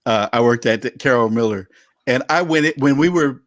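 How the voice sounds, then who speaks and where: A man's voice: mid-range voice, a little fast, no room sound, clean studio sound. A man co-hosting a podcast, chatting casually in a laid-back way. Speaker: podcast co-host.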